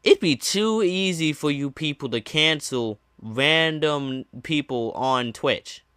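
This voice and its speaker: A man's voice: on the high side, slow pace, fairly bright tone, clean tone, no echo, clean studio sound. A young man streamer telling a casual storytime, ranting with sarcastic, mocking retorts. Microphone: low-gain desk mic.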